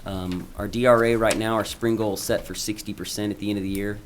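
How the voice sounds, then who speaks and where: Low-voiced male principal, casual and halting presenter at a board meeting. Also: fairly even intonation, slight background noise. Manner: informal, halting, with frequent ums and restarts. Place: school board meeting room.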